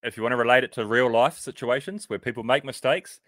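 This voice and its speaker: Relaxed young man, matey chat. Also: mid-range voice, fast talker, no echo. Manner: relaxed, matey, swears casually. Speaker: podcast co-host, pro cyclist. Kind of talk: casual chat.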